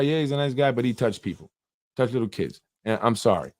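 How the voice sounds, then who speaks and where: A man's voice: medium pitch, expressive, quick pace, a little mellow. Fired-up New man ranting. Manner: fired-up, blunt, rambling. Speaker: host of a local political show. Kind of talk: heated political commentary.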